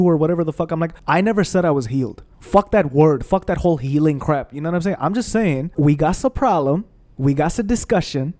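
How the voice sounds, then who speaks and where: A man's voice: a little high, lively intonation, brisk, a little mellow. A man streaming gameplay who rants bluntly and with heavy swearing. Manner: heated, profane, blunt. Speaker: gaming streamer. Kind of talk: ranting commentary over gameplay.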